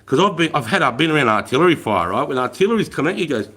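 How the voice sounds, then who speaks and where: Swearing Australian army veteran telling stories. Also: male voice, fairly high pitch, sing-song, rapid-fire, a bit bright, husky. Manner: swears constantly, laughs while telling war stories. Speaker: livestream host, army veteran. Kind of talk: casual storytelling on a livestream.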